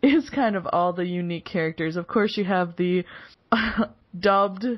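Casting: giggly woman podcast host in her forties, lowish voice, unhurried delivery on dull audio. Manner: giggly, laughs often between phrases. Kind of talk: casual chat.

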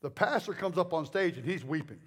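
High-voiced joking male preacher. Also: brisk, slightly rough. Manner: rambling, animated storytelling with jokes and asides. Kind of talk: sermon.

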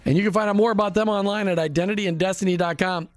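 High-voiced enthusiastic radio host man. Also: fairly even intonation, rapid-fire, faint music behind. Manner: enthusiastic, emphatic, addresses listeners directly. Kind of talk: Christian radio interview. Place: radio studio.

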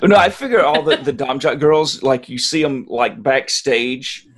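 A man's voice: medium pitch, normal speed, slightly rough. Easygoing man riffing on old cartoons. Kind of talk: casual chat about comics and TV.

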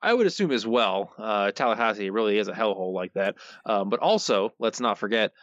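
A man's voice: on the low side, animated, a little fast, a bit bright, dry recording. A man co-hosting a podcast, making dry, wry remarks. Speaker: podcast co-host. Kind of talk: casual review chat. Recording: slightly muffled lo-fi mic.

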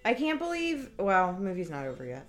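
A woman's voice: medium pitch, wildly swooping pitch, normal speed, soft background music. A woman giving casual, blunt and sarcastic commentary while watching a movie. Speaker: podcast guest.

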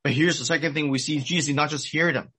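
A man's voice: a little high, steady tone, fast, bright, forceful tone, breathy edge. A middle-aged man preaching a sermon, retelling a story earnestly and repeating his key points. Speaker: pastor.

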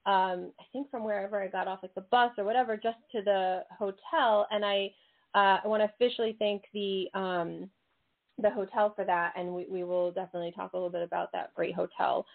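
A woman hosting an interview show, bubbly and quick to laugh, talking eagerly with her guest. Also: mid-range voice, steady tone, vocal fry. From United States. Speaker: host. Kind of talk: casual interview chat. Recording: tinny phone-like sound.

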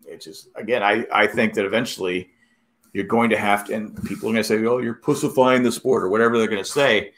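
Man, middle-aged, casual chat, lowish voice, bright tone, rambling storyteller. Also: quick pace. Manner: rambling, animated storyteller with many restarts.

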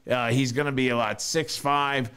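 A man's voice: mid-range voice, normal speed, clear, resonant tone. A middle-aged man co-hosting a podcast, swearing freely and telling stories with animation. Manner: profane, animated storyteller. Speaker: podcast co-host. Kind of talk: casual chat, storytelling.

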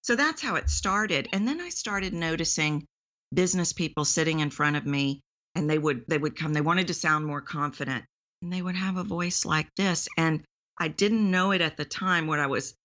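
Low-voiced woman telling her story. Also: moderate pace, a bit bright, lo-fi sound. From Texas. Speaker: voice coach guest. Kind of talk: podcast interview.

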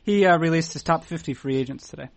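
A man hosting a podcast, trading quick jokes with his guest in casual chat. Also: a little high, no echo. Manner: jokey, quick banter. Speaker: podcast host.

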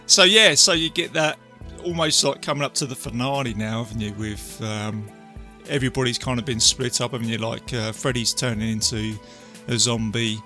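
A man talks through a film in casual chat, his voice gravelly and bright, with a habit of tacking on tag questions. Faint music sits under the conversation. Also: medium pitch, steady tone, normal speed. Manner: tag questions, chatty and laughing.

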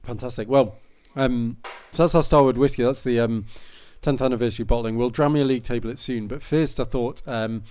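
A man's voice: mid-range voice, fairly even intonation, a little fast, hardly any pauses, a little mellow, clear, resonant tone. A man hosting a podcast, talking in a rambling, enthusiastic way with many fillers and restarts. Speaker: podcast host. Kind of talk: casual chat.

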